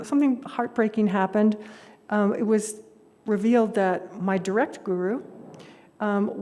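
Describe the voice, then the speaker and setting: Older woman telling stories in a hall. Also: a little high. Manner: warm-humored, chatty, laughs often. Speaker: lay speaker at a worship service. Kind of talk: storytelling talk. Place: worship hall. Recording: echoey hall reverb.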